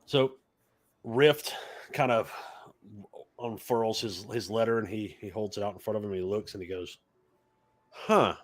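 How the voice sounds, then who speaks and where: A man's voice: fairly low pitch, steady tone, moderate pace, pauses often. A man narrating a tabletop game as game master, talking loosely with lots of fillers. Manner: rambling, loose, with many fillers.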